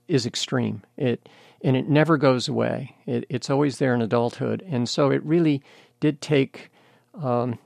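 An older American man, a guest in an interview, telling his story candidly and in a measured way. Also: mid-range voice, gravelly, darkish tone, dry recording, studio quality. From United States. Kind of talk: interview conversation.

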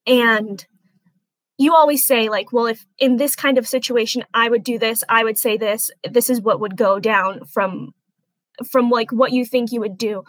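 A woman's voice: a little high, steady tone, dry recording, rough recording. Earnest young woman sharing a hurtful experience. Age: 20s. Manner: earnest, halting, softly emotional. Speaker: interviewee. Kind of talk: emotional personal testimony.

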